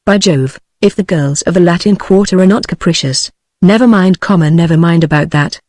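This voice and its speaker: A text-to-speech woman's voice with a British English accent reads a classic novel aloud, flat and mechanical, sometimes speaking punctuation marks. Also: on the low side, a little fast, no room sound. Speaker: audiobook narrator. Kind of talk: synthetic audiobook narration.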